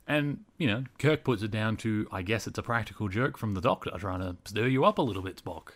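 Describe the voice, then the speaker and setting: Chatty low-voiced man recapping an episode. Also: lively intonation, a little fast. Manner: chatty, frequent fillers. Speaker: podcast host.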